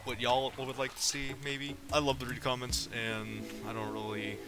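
Male gaming host, mid-pitched, rambling casual outro, loud music bed underneath. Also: flat delivery, normal speed. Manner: rambling, hesitant, many fillers.

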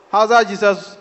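A man's voice: high voice, fairly bright tone, big-room sound, lo-fi sound. A man with a Ghanaian English accent performing stand-up comedy, working the crowd playfully before a live audience. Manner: crowd-working, playful, switches between English and local phrases.

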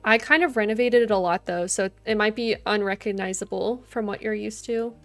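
Fairly quick and medium in pitch, a young woman's voice carries her life-sim game stream. She talks casually with her audience and her in-game characters, giggling frequently, as soft game music plays behind her.

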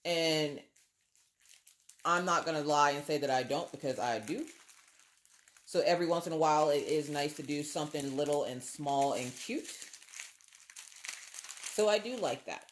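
A woman's voice: low-pitched, normal speed, pauses often, slight background noise. A woman vlogger, chatting casually and expressively to viewers while unboxing craft kits.

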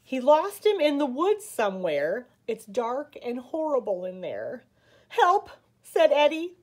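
An American woman reading a picture book aloud at a library story time, slow and expressive. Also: a little high, husky. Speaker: children's librarian.

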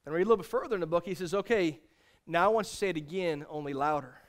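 A young adult man preaching a sermon from the pulpit. His voice sits high, and he talks earnestly, repeating his key phrases and having the congregation say them back. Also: very fast. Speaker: pastor.

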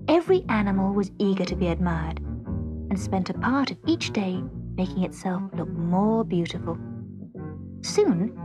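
Female storybook reader, gentle measured narration, middle pitch, clear music under. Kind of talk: read-aloud storybook narration.

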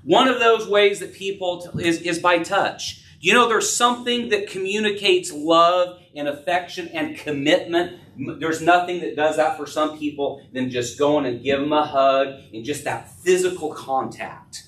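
Man, pastor, sermon, earnest, fairly high voice, heard from a distance. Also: moderate pace, hardly any pauses, a bit bright. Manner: earnest, acts out dialogue with rising pitch. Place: church sanctuary. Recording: distant from the mic.

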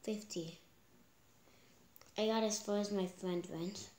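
A woman giving casual, excitable commentary while playing a phone game, cheering herself on. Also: mid-range voice, slow pace. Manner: excitable, exclaims often, talks herself on. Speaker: gameplay streamer. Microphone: phone screen recording. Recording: clear game music underneath. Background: game music.

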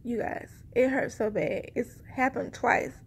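A vlogger gives her viewers a pregnancy update in a casual chat to camera, rambling conversationally and sounding a little short of breath. Her voice sits on the high side, steady and slightly rough, and she speaks a little slowly.

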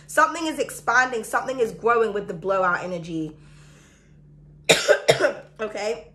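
A woman giving a chatty, excitable tarot reading to her viewers, her throat sore and coughing now and then. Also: medium pitch, normal speed. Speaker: tarot reader. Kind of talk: casual astrology reading to camera.

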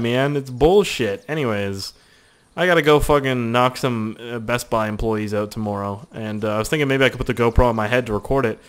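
A man's voice: medium pitch, a little fast, clear, resonant tone. A young Canadian man with a sore throat giving rambling, profane commentary while playing a survival game. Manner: rambling, profane, excitable outbursts. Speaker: gaming YouTuber. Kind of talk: casual let's-play commentary.

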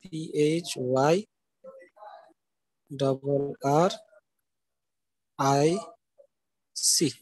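A man's voice: a little high, fairly even intonation, extremely slow, pauses often, a little mellow, no room sound, rough recording. A man giving a live university lecture. He explains step by step, keeps asking "okay?" and spells out words letter by letter. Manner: explanatory, checks understanding with frequent "okay?".

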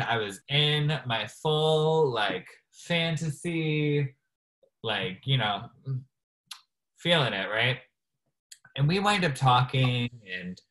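A man's voice: medium pitch, a bit bright, low-quality recording. A man appearing as a drag performer guest in a casual interview, telling stories in a chatty way and filling them with "like.". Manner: chatty storyteller, frequent "like".

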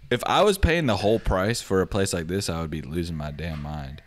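Male co-host, very low pitch, mock-indignant comic riffing. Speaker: podcast co-host. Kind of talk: casual comedic chat.

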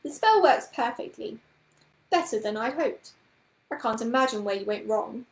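A prim, bossy storybook witch, as a woman reads her, clipped and scolding. The voice sits fairly high and rings in a roomy, echoing room. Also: lively intonation, normal speed, natural voice. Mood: pleased. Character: prim brisk middle-aged woman, an amateur witch.

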